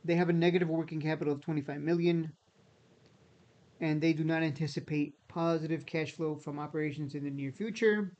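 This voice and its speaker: A man's voice: on the high side, fairly even intonation, brisk, darkish tone, dull audio. A man giving casual, skeptical commentary, repeating himself as he talks and straining his voice. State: voice strained, near losing it. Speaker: stock market YouTuber.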